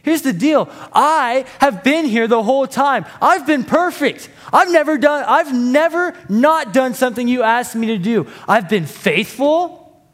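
A man voicing a resentful older brother who complains loudly in a raised voice. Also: lively intonation, measured pace, heavily acted. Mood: indignant. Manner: high, loud, complaining.

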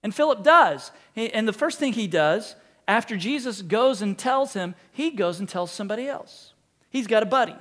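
Man, pastor, sermon, high voice, animated storytelling, playful asides. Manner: animated preaching with acted-out quotes and asides.

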